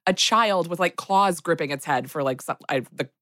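A woman's voice: on the low side, normal speed, fairly bright tone, dry recording, studio quality. A woman in her thirties co-hosting a podcast, self-deprecating and rambling, laughing often as she talks. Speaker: podcast co-host. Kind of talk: casual comedic chat.

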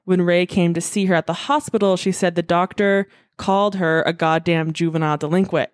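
A woman's voice: lowish voice, steady tone, brisk, no echo, clean studio sound. A woman hosting a podcast, telling a story in a chatty way, full of fillers and swearing freely. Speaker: podcast host. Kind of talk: casual storytelling.

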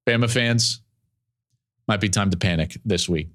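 A middle-aged man hosting a sports opinion show, breaking down college football with emphatic, animated delivery and repeated phrases for effect. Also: fairly low pitch, moderate pace.

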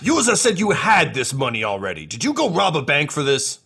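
A man shouting as a manic Gungan boss. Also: wildly swooping pitch, fairly quick, vocal fry, breathy edge, exaggerated voice. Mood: excited. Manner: shouting, high-pitched, giddy. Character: wild spice-crazed male Gungan gang boss.

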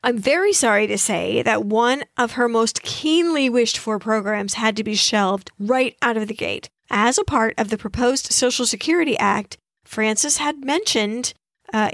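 Higher-pitched woman telling history. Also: vocal fry, no echo, studio quality. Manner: expressive storyteller, reads quotes aloud. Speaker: podcast co-host. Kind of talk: casual history podcast chat.

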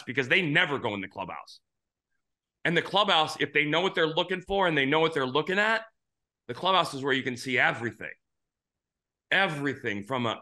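A man's voice: on the high side, pushed and bright. A middle-aged man hosting a baseball talk show, rambling through stories with many restarts. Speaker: podcast host, former pitcher. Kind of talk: casual sports talk.

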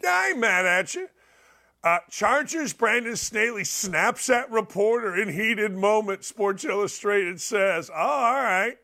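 A man hosting a sports podcast, ranting opinions on football with blunt, loud outbursts. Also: high voice, measured pace, creaky. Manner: loud, animated, ranting, swings into shouts.

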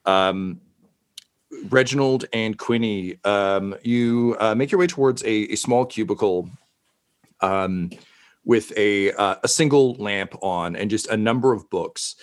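A man's voice: fairly low pitch, slow pace. Rambling, profane man running a game. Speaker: game master. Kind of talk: narrating a tabletop game.

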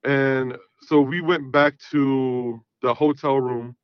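A man's voice: medium pitch, fairly even intonation, takes it slowly, smooth, dry recording, highs cut off. A man in his thirties calling in, telling a long story casually and rambling with fillers. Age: 30s. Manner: rambling, repeats fillers like "you know what I mean". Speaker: caller. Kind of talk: casual storytelling on a call-in show.

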